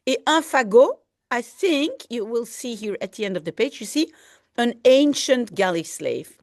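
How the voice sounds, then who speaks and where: A woman's voice: fairly high pitch, very animated, moderate pace, darkish tone, dry recording, studio quality. A woman language teacher reading a French novel aloud and patiently translating it line by line, explaining vocabulary and often saying "hein".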